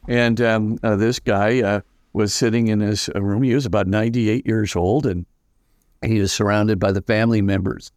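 An older man, a priest as guest, telling stories in an animated way and acting out the voices of the people in them. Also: on the low side, normal speed, dry recording, clean studio sound. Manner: lively, acts out quoted voices, many fillers. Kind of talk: animated anecdotal storytelling.

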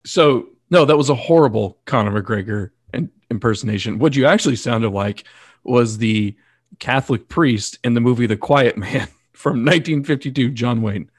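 A man's voice: medium pitch, moderate pace, breathy edge, no echo. Teasing, dry-humored podcast co-host man. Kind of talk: casual podcast chat.

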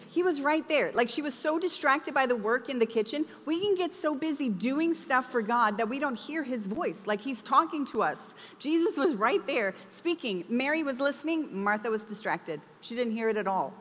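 A woman's voice: fairly high pitch, fairly bright tone. Woman preaching in an echoing hall. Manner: conversational, emphatic, acts out quoted lines. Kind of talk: sermon. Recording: long reverb of a large hall.

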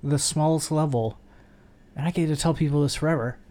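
Man, casual podcast banter, somewhat high voice, crude jokes. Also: a little fast, dark tone. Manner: jokey, riffs with crude punchlines. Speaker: podcast co-host. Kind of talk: casual movie recap chat.

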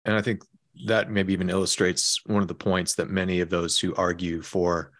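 A man hosting an interview, answering his guest softly and with affirmation. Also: sits low, level tone, moderate pace, no room sound, clean studio sound. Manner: soft, affirming responses. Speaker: podcast host. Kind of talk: interview conversation.

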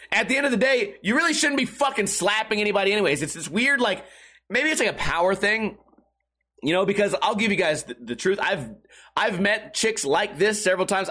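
A man's voice: high voice, animated, normal speed, pushed and bright. A man hosting a casual live-streamed podcast, rambling, profane and self-mocking. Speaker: podcast host.

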